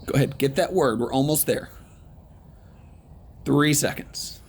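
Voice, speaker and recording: A man leading an online Bible study lesson in a conversational, encouraging way, with frequent ums and pauses. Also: mid-range voice, slight background noise.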